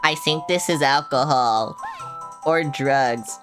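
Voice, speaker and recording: A young woman with a low voice chats her way through a video game stream at home, talking to the characters and cursing now and then. Loud game music plays under her voice the whole time. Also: animated, normal speed. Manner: chatty, swears casually, talks to the game. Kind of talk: live gameplay commentary.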